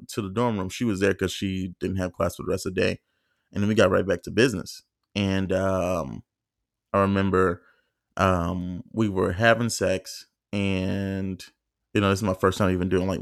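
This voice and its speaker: A man's voice: low voice, vocal fry, no room sound, clean studio sound. A man hosting a solo podcast, telling a story in a casual, profane, rambling way with lots of fillers and acted-out quotes. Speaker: podcast host.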